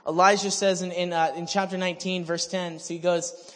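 A man preaching a sermon, telling the story in an animated, humorous way. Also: high voice, fairly quick, in a large hall.

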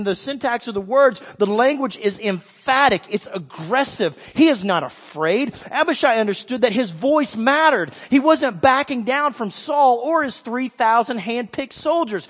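A pastor with a high voice delivers an emphatic sermon, dropping low and soft, then climbing to loud, rousing calls. His voice trails off in the long reverb of a large hall. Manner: emphatic preaching, swings from quiet to loud.

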